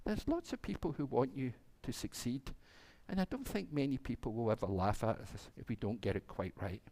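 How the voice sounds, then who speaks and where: A man's voice: mid-range voice, lively intonation, a little fast, mellow. A man, a minister telling a playful children's story during a church service and acting out the animals.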